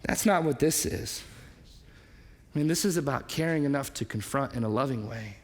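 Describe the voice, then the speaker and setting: A man preaching a sermon as a pastor, animated and conversational, acting out quoted voices and asking the congregation questions. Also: mid-range voice, normal speed. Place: church hall. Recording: long reverb of a large hall.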